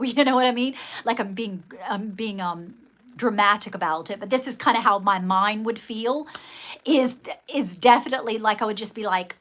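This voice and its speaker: A woman hosting a casual livestream, chatting with viewers in a rambling, animated way and acting out dramatic quoted outbursts. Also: on the high side, normal speed. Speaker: livestream host.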